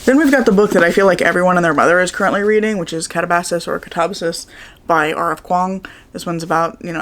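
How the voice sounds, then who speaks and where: A woman with a slightly hoarse morning voice, chatting casually and upbeat about the books she got in a haul, rambling with fillers. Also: on the low side, a bit bright. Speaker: book vlogger. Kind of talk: casual book haul chat.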